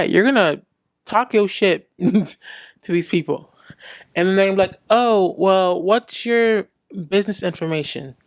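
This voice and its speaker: A young woman speaking frankly in a casual vlog, giving blunt advice and acting out little conversations. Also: low-pitched.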